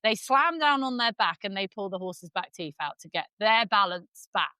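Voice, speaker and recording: A woman's voice: mid-range voice, expressive, normal speed, sharp tone, smooth, dry recording. A woman hosting a podcast interview, blunt and sweary, piling on emphatic praise in casual chat. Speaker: podcast host.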